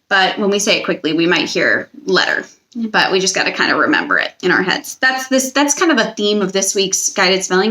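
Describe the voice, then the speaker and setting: This young woman teacher has a medium-pitched voice and a fairly bright tone. In her recorded spelling lesson for kids, she takes her time, patiently elongating each word.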